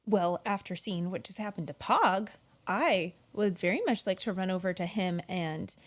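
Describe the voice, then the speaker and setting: A woman's voice: on the low side, normal speed. A woman playing a tabletop game, describing her character's action with many hesitations. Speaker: player. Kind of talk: casual tabletop play.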